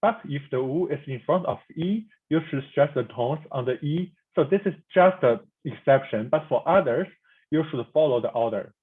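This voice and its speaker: A man teaching a pinyin pronunciation lesson, speaking haltingly with frequent restarts and repeated demonstration sounds. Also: a little high, expressive, slightly rough, phone-quality sound. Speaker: language instructor.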